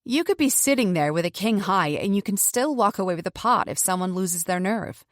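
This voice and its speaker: A woman's voice: mid-range voice, expressive, fairly quick, dry recording, clean studio sound, natural voice. A woman voicing a brash, teasing woman who enjoys poker, breezy and blunt. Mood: chatty. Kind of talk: audiobook character voice.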